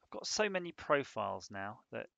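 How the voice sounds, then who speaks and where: Man, gravelly voice, animated pitch, joking and rambling, dry close sound, dull lo-fi stream audio. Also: normal speed, dry recording. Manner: rambling, joking, thinks aloud while working. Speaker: streamer designing hardware. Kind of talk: casual live-stream chat.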